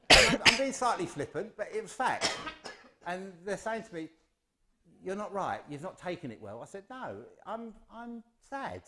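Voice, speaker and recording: Fairly high-voiced English man speaking to a church audience, informal and self-mocking. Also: bright, forceful tone. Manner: chatty, jokey, self-deprecating. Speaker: speaker at a spiritualist service. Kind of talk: informal humorous address to a congregation.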